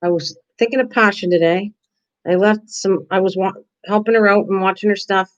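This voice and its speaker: This older craft streamer talks fairly quickly in a medium-pitched voice with fairly even intonation. Her casual live stream is chatty and rambling, with viewers' comments answered by name, and the audio sounds dull and lo-fi.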